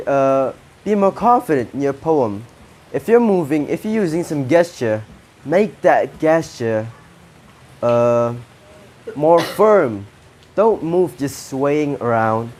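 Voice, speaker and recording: A man with an Indonesian accent judging a poetry contest, giving feedback to each contestant in short, halting phrases full of restarts. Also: medium pitch, a little mellow.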